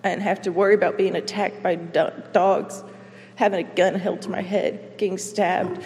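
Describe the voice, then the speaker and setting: A woman giving a personal faith testimony, earnest and emotional, speaking in halting phrases with pauses. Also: lowish voice, little pitch movement, darkish tone. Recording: long reverb, as in a large hall.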